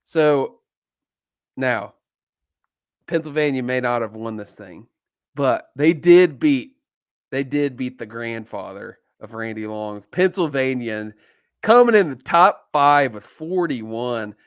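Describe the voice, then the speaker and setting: A man's voice: medium pitch, lively intonation, slow pace, clean tone, no echo, studio quality. A man co-hosting a live fishing podcast, chatting casually, often joking and laughing, with many ums. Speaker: podcast co-host.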